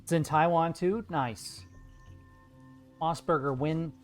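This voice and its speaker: Male art streamer, slightly higher voice, playful and jokey, casual live chat over faint music. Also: slow. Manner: playful, jokey, chatty with viewers.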